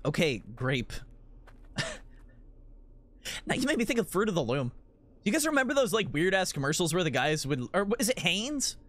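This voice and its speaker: A man's voice: high voice, very animated, moderate pace, long pauses, fairly bright tone. A man in his twenties streaming a game, rambling through silly jokes and laughing constantly. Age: 20s. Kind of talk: casual gameplay commentary.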